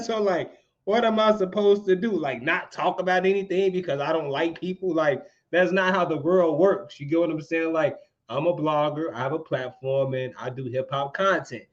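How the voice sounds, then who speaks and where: A man's voice: a little high, normal speed, lo-fi sound. A man who blogs about hip hop, talking loosely on a podcast with casual swearing. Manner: loose, swearing, laughing asides.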